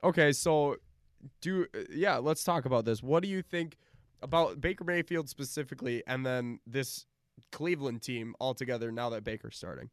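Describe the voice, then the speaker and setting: A man's voice: medium pitch, normal speed, smooth, dry recording, clean studio sound. A man co-hosting a casual sports podcast, agreeable and rambling, often restarting his sentences.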